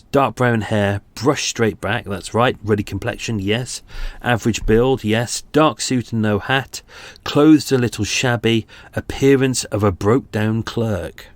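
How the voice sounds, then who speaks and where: A man's voice: lowish voice, a little slow, no room sound. Chatty British man in his forties. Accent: British English. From England. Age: 40s. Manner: chatty, self-deprecating, with restarts and asides. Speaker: podcast host. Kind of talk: casual true-crime podcast narration.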